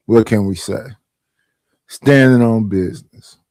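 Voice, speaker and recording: A man's voice: lowish voice, unhurried, a little mellow, no echo. A man giving casual, slangy commentary on a clip, emphatic about the point he makes. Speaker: commentary channel host.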